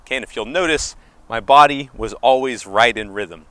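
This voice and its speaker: A man's voice: mid-range voice, normal speed, pushed and bright, no room sound. Man coaching tennis on an outdoor court. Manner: counts beats aloud while hitting, upbeat and encouraging. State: slightly out of breath. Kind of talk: instructional on-court demonstration.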